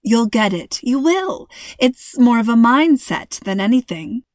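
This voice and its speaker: A cheerful, playful mother in a storybook, warm and teasing, read by a woman narrator. Her voice sits slightly high. The recording is dry and close. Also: very animated, unhurried, no echo.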